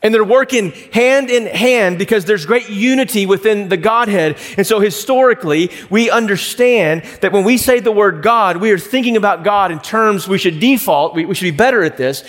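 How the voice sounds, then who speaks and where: A man preaching a sermon, explaining scripture earnestly and slowing down to stress key words. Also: high-pitched, expressive. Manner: earnest, explanatory preaching with emphatic slowed phrases. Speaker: pastor. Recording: reverberant hall.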